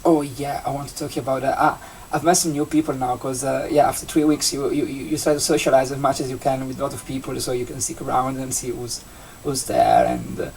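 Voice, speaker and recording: A young adult vlogger from Italy with an Italian accent, a native Italian speaker chatting casually in English, rambling and halting with many restarts and fillers. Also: mid-range voice, darkish tone. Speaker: vlogger, seasonal campsite entertainment worker. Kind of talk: casual vlog chat. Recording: distant mic with faint background noise.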